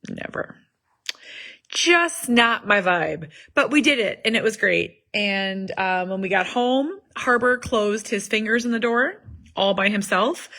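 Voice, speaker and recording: A woman's voice: mid-range voice, pushed and bright. A woman in her thirties chatting at home in a rambling family vlog, full of fillers and asides. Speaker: vlogger, mother of an autistic son. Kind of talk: casual family vlog chat. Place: home in the evening.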